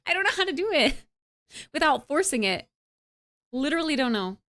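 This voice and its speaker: A woman's voice: high voice, moderate pace. Bubbly young woman streamer chatting. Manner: bubbly and animated, often says "like". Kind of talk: casual chat, reading and answering live chat.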